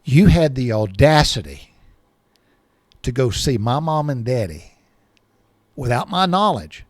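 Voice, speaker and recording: A man's voice: medium pitch, dry recording, clean studio sound, natural voice. A man voicing an angry young woman scolding her ex over the phone, accusing and indignant.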